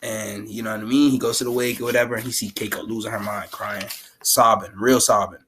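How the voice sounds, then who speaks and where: A man's voice: fairly low pitch, fast talker, slight background noise. Slangy man recapping an anime. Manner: slangy, animated, laughs often. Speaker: anime commentator.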